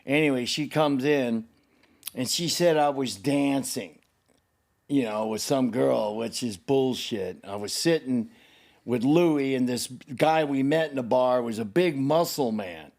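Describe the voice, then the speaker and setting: A man's voice: mid-range voice, measured pace, vocal fry, darkish tone. An older man telling a personal story in conversation with his son. He rambles, swears freely and grows emotional, acting out the people he talks about. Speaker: guest, the host's father.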